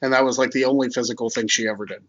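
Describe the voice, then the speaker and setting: A man with a mid-range voice chats casually as a co-host, dropping short, relaxed remarks. The recording sounds dull and lo-fi. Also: mid-range voice, very fast. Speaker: podcast co-host. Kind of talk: casual chat.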